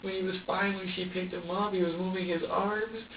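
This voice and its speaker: Halting, agitated man in an echoey room. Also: high-pitched, flat delivery, a little hiss or hum. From upstate New York. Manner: agitated, halting, many restarts and curses. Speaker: suspect being questioned. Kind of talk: police interrogation statement. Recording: echoey room, distant mic, muffled.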